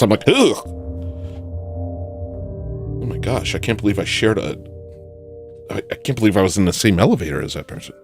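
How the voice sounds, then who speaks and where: A man delivering a satirical comedy monologue, playing it mock-earnest and rambling, with sudden jumps in pitch.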